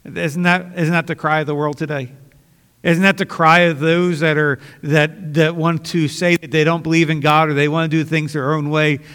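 A man's voice: a little high, flat delivery, normal speed, a bit bright, clean tone, big-room sound. A man preaching a sermon as pastor, earnest and conversational, often restarting his sentences.

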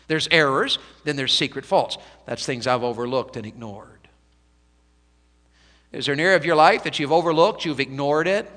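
A man preaching a revival sermon. He swings from hushed, slow pleading to loud, high-pitched exhortation. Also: in a large hall. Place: church sanctuary.

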